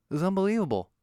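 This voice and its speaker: Ranting man with a crisp, dry voice. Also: high voice, no room sound. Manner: animated ranting, swearing, mock-outraged. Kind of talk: ranting monologue.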